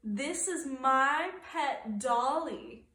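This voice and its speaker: Woman preschool teacher, expressive storybook reader; slow, unhurried delivery, roomy echo. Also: high voice, recorded from a distance. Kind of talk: reading a storybook aloud to children.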